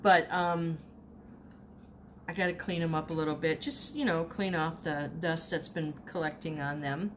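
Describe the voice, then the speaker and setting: A woman's voice: low-pitched, steady tone, normal speed, a little hiss or hum. A woman, chatting casually and animatedly about her thrift finds, often repeating herself as she tells a story. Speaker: online reseller showing thrift finds. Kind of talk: casual haul video chat.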